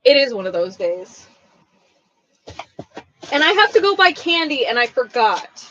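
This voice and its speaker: A woman's voice: high voice, very animated, measured pace, fairly bright tone, highs cut off, a little hiss or hum. A woman who owns a craft shop, chatting casually on a livestream while she packs orders, rambling and blunt.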